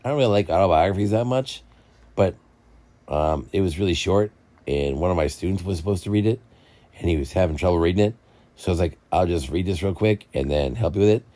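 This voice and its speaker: Low-voiced young guy, jokey and rambling, casual book chat host. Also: fast talker. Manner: rambling, jokey, lively storytelling.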